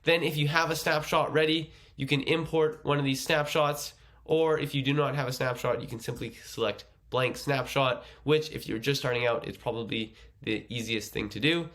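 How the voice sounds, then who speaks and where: A man's voice: medium pitch, steady tone, moderate pace, a bit bright. A man running a casual tutorial, chatty and explaining things step by step. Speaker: agency owner teaching a course.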